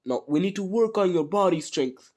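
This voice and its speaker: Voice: mid-range voice, expressive, normal speed, a little mellow, voice pushed up, natural voice. A speaker with a cold voicing a cheerful, theatrical adult male hero mentor in a casual fan story. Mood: hearty. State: sick with a cold.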